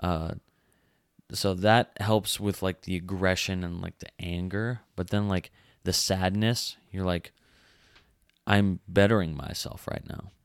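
A young man co-hosting a casual podcast, speaking softly and hesitantly, often restarting his sentences. His voice is very low, smooth and resonant. It is recorded close and dry. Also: fairly even intonation, unhurried, no room sound. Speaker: podcast co-host. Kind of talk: casual chat.

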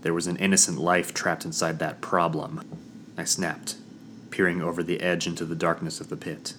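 A man narrating a first-person fantasy audiobook in a measured, dramatic storytelling manner. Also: low voice, level tone, fairly bright tone, slight background noise.

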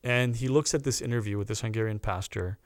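A man's voice: lowish voice, fast, clear, resonant tone, dry recording. Earnest man telling a story, dry sound. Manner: earnest, animated storyteller who re-voices the people he quotes. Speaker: podcast guest. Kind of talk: personal storytelling.

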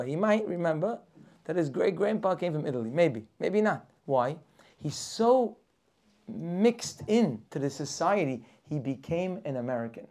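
Animated male rabbi, lecture voice, asks questions, acts out characters. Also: a little high. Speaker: rabbi teaching a weekly class. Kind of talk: lively Torah class lecture.

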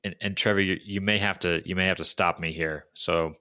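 A man's voice: low voice, fairly even intonation, brisk, bright, forceful tone, no room sound. A man co-hosting a podcast, talking through ideas in a thoughtful, hesitant way with frequent restarts. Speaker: podcast co-host. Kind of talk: casual book discussion.

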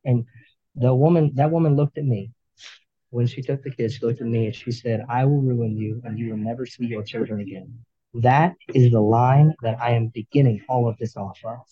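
A man, a firefighter, talking earnestly as a podcast guest, with halting restarts. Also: medium pitch, mellow, husky, no room sound, muffled recording. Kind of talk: candid interview talk.

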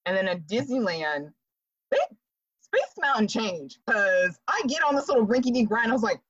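A woman's voice: on the high side, moderate pace, breathy edge, no echo, muffled recording. A woman in her thirties chatting as a guest, telling stories with frequent laughter. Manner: laughs often, animated storytelling. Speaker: podcast guest. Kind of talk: casual chat.

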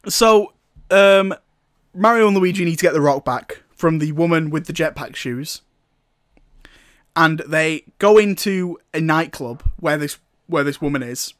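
A man's voice: fairly high pitch, measured pace, fairly bright tone, dry recording, studio quality. A man casually recapping a film, rambling and amused, with sarcastic asides and frequent laughter. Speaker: film reviewer.

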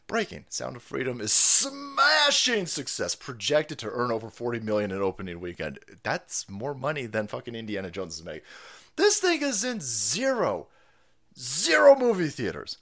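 A middle-aged man hosting a livestream, ranting in a loud, foul-mouthed, rambling way and laughing easily. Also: fairly high pitch, very animated, unhurried, creaky. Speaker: stream host. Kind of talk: profane ranting livestream monologue.

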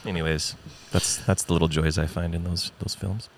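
A man's voice: deep voice, fairly even intonation, moderate pace, noisy background. A man who is a podcast guest, chatting casually and telling stories playfully, slipping into voices. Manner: playful storyteller, slips into voices and accents. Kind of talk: casual chat.

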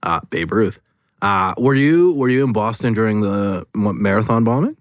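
A brash, joking man hosting a podcast, swearing freely. His low voice swings up and down a lot. The sound is dry and close. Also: animated, moderate pace, no echo. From Canada. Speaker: podcast host. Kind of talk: casual chat.

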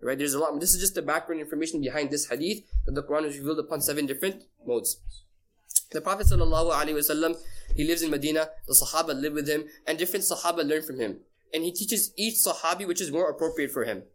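A man's voice: a little high, fast talker. A man teaching a casual class, quizzing his listeners and repeating key phrases for emphasis. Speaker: Islamic teacher.

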